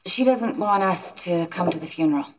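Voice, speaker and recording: A woman's voice: lowish voice, normal speed, slightly rough. An actress playing a wisecracking young mother who works as a waitress, with dry sarcasm. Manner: sarcastic, deadpan. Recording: noisy sitcom broadcast audio.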